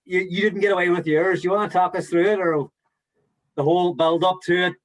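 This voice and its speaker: A man's voice: high-pitched, fairly even intonation, fairly quick. A man co-hosting a podcast, throwing in short, teasing remarks during a casual interview. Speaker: podcast co-host.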